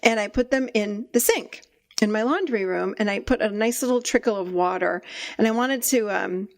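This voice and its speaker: A middle-aged woman hosting a podcast, telling stories in a lively way and laughing often, in a casual conversation. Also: medium pitch, normal speed. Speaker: podcast host and therapist.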